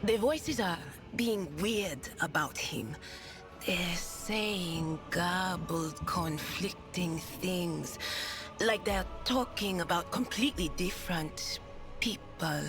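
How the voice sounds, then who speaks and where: A woman voicing an uneasy female psyker who hears voices and speaks in a hesitant, measured way. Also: fairly low pitch. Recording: voice over game music.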